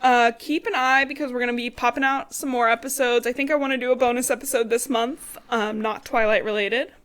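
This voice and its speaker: A young woman co-hosts a casual book podcast, recapping chapters with loose, profane commentary. Her voice sits fairly high, and she jumps into quick acted-out character lines. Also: fairly even intonation, a bit bright, smooth. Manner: chatty, swears freely, acts out characters' lines. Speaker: podcast co-host.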